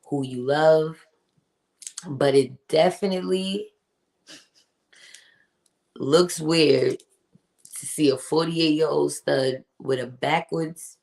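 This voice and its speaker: A woman's voice: low voice, darkish tone. A woman hosting a casual livestream podcast, chatty and emphatic, reading out and answering her live chat. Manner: chatty and emphatic, greets viewers by name.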